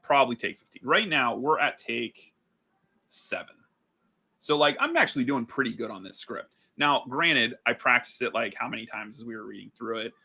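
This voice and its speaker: Gravelly, bright-voiced man chatting casually. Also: medium pitch, expressive, moderate pace. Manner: loose and chatty, with many fillers and restarts. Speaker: host; business coach. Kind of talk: casual talk between ad takes.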